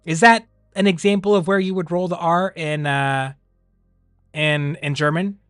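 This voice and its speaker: A man chatting casually on a livestream, rambling and animated, often laughing. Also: fairly high pitch, measured pace, smooth, dry recording, clean studio sound, soft background music. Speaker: streamer.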